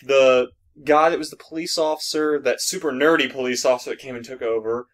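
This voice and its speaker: A man's voice: mid-range voice, steady tone, fairly quick. A young man co-hosting a podcast, rambling and restarting his thoughts while talking about a film. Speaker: podcast co-host. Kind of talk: casual movie review chat.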